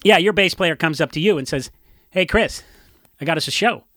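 A man's voice: a little high, a little fast, sharp tone, no echo, clean studio sound. A man, a punk musician, chatting casually and rambling through stories with many restarts and fillers. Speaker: punk musician discussing a song. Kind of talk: casual chat.

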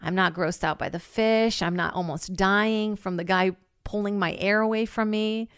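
A woman telling a long story in casual chat, animated and swearing freely, with lots of "like" and loudly acted-out quotes. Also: mid-range voice, moderate pace, smooth, no room sound, studio quality. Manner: heavy use of filler "like".

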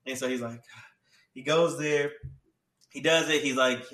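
A man's voice: mid-range voice, steady tone, measured pace, long pauses, pushed and bright. A man casually recapping an anime plot in a rambling, slangy way full of filler words. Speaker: anime reviewer. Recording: echoey room, distant mic.

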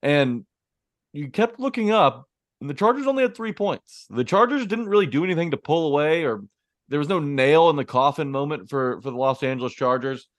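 Measured male football podcast co-host. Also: a little high, expressive, dry recording, clean studio sound. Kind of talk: casual sports podcast analysis.

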